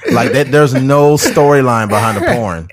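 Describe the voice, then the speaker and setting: A man's voice: mid-range voice, normal speed. A man co-hosting a podcast, chatting casually and joking, often slipping into put-on voices. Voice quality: animated, jokey, slips into put-on voices. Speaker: podcast co-host. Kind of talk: casual comedic chat.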